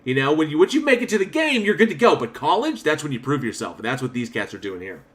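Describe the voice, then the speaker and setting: A man's voice: a little high, sing-song, fast. A man co-hosting a horror film podcast, talking in a loose, rambling way with frequent swearing and laughter. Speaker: podcast co-host. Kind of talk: casual film review chat.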